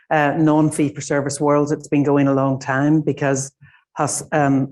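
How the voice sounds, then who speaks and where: A woman's voice: deep voice, darkish tone. A middle-aged Irish woman giving a conference presentation in a small room, speaking informally with many fillers. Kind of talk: conference talk.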